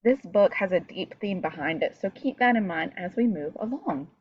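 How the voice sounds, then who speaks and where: Woman, teacher, recorded lesson, lively intonation, dull lo-fi sound, faint hiss. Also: medium pitch, normal speed. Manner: explains step by step, talks to her pupils.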